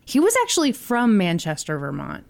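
A woman's voice: on the low side, wildly swooping pitch, fairly quick, creaky, darkish tone. A woman hosting a podcast, telling a story in a casual, jokey way with casual swearing.

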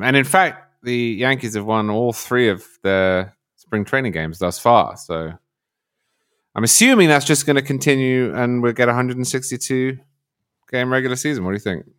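A man on a podcast panel chatting casually in a wry, self-mocking way. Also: medium pitch.

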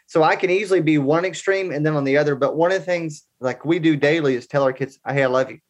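A man in his forties, appearing as a guest on a podcast, talks fast in a fairly high voice. He shares personal stories in a casual interview, earnest and conversational.

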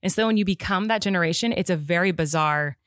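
A woman's voice: lowish voice, no echo. Argumentative woman podcast host, dry sound. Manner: animated, argumentative, quick to insist. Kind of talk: casual chat.

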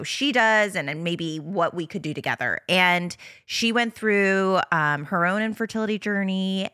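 A woman's voice: on the low side, pushed and bright, smooth, no room sound, studio quality. A woman hosting a podcast in casual chat, talking in a chatty, rambling way and laughing often. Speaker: podcast host.

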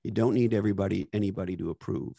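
A man's voice: on the low side, rapid-fire, gravelly, dark tone, slightly rough, dry recording. A man hosting a podcast conversation, talking emphatically and bluntly with casual swearing and catchphrases. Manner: emphatic, profane, uses catchphrases. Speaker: podcast host.

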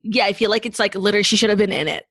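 A young woman co-hosting a podcast in casual chat, talking with lots of "like" and telling stories in an animated way. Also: mid-range voice, very fast, dry recording. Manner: chatty, lots of "like", animated storytelling. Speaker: podcast co-host.

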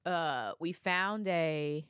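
A woman in her thirties co-hosting a podcast, telling stories in a lively, slangy way. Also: sits low, very slow, clear, resonant tone, no room sound, clean studio sound. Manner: animated storytelling, slangy. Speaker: podcast co-host. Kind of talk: casual chat.

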